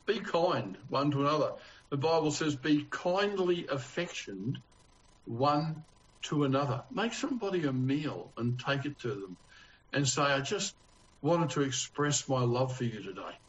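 A man's voice: mid-range voice, lively intonation, a little slow. A man with an Australian accent preaching a conversational sermon as pastor, earnest and homely, with rhetorical questions to his congregation. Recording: dull, lo-fi sound.

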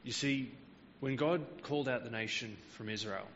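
A man's voice: mid-range voice, moderate pace, a bit bright, in a large hall, dull audio, a little hiss or hum. A man preaching a Bible teaching sermon, explaining verses patiently with frequent hesitant fillers.

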